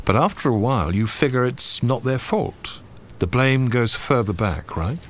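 A man's voice: medium pitch, lively intonation, normal speed, a little hiss or hum, lightly acted. A man playing a shrewd, probing priest. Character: shrewd male priest interrogating a suspect. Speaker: priest investigator.

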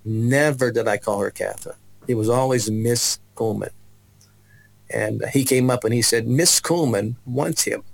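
A man's voice: mid-range voice, moderate pace, creaky, poor audio. A man giving a personal testimony as a guest, telling his story with restarts and acted-out voices. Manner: animated storyteller, acts out voices, many restarts.

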